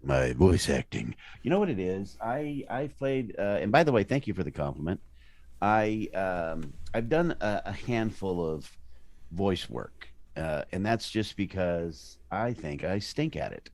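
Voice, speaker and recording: Low-voiced animated actor, a man. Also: measured pace. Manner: animated, slips into character voices. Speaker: actor guest. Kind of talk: casual interview chat.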